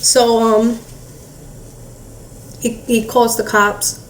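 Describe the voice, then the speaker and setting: A woman recounting a painful family event in halting speech, with many fillers, acting out what relatives said. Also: fairly high pitch, little pitch movement. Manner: halting, heavy filler "like", re-enacts relatives' words. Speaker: family member recounting a loss. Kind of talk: emotional personal storytelling. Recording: echoey room, distant mic, faint hiss.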